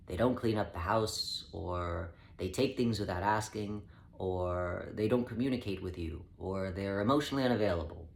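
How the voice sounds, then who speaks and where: A man channeling a collective voice, giving a measured spiritual self-help talk that addresses the listener as "we". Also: deep voice, creaky. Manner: measured, calm, speaks as "we" to the listener. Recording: echoey room with faint ambient noise.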